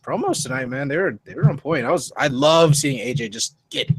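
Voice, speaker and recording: A man co-hosting a casual wrestling podcast, excitable and jokey, swearing and mimicking wrestlers as he talks. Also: on the high side, brisk. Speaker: podcast co-host.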